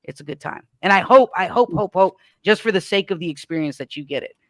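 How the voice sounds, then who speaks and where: A man with a high voice tells a story in an animated, rambling way. He fills the gaps with fillers and repeats himself. The sound is dry and close, with no room around it. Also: fast, dry recording. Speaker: paintball podcast panelist. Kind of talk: casual storytelling chat.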